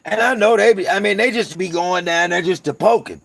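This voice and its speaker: A man's voice: sits high, fairly quick, gravelly, few pauses, fairly bright tone, dry recording. A man from North Carolina with a Southern accent, chatting casually and profanely to his viewers as host of his channel, rambling through stories. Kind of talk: casual livestream chat.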